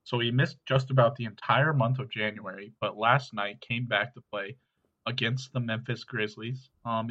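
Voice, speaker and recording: A man's voice: mid-range voice, highs cut off. A man co-hosting a casual fantasy basketball podcast, talking through player stats steadily with frequent ums. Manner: steady, analytical, with many ums. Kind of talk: casual sports chat.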